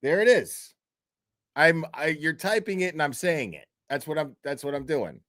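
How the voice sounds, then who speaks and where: Animated man reacting to live chat. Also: a little high, normal speed, dry recording, studio quality. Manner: animated, swearing, repeating words for chat. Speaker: livestream host. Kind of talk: casual reaction commentary.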